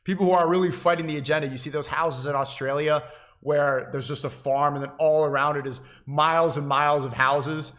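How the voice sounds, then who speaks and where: A man streaming live and lecturing his chat in a preachy, insistent way. His voice sits a little higher than most men's. He keeps circling back, repeating and restarting phrases as he pushes his point. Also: fairly even intonation, fairly quick, fairly bright tone. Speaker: livestreamer addressing chat. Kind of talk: livestream monologue.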